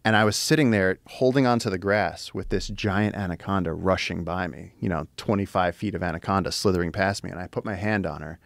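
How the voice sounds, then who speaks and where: Low gravelly man telling wild stories. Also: a little fast, few pauses, dry recording. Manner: animated, profane, excited storytelling. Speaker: guest, wildlife explorer. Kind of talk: casual storytelling chat.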